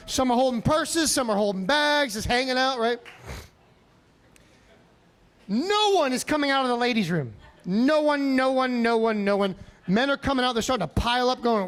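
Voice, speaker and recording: A comedian from Chicago telling animated stories on a comedy club stage, with sudden loud outbursts. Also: male voice, extremely high pitch. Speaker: stand-up comedian. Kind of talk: stand-up set.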